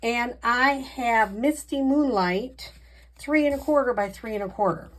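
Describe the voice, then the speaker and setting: A woman's voice: fairly high pitch, a little slow. A woman hosting a card-making tutorial, chatty and encouraging, poking fun at her own mistakes as she works. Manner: chatty, self-deprecating, encouraging. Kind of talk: casual crafting demonstration.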